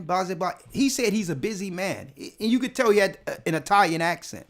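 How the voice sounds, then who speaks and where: A man's voice: high-pitched, big pitch swings, a little fast, hardly any pauses. A man, a church elder, telling a personal testimony in casual speech, emphatic and often repeating words as he builds his point.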